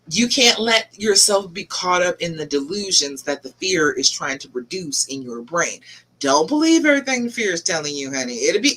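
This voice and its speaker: Animated, emphatic woman coach. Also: medium pitch. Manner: emphatic, coaxing, talks straight to viewers by name. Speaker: relationship coach hosting a live Q&A. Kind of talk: live-stream advice talk.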